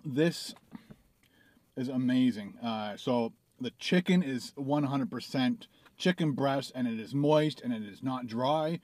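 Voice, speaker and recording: A man's voice: mid-range voice, a little mellow, no echo. A middle-aged man reviewing sandwiches in his car, chatting casually while chewing and talking with his mouth full. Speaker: food reviewer. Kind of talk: casual food review vlog.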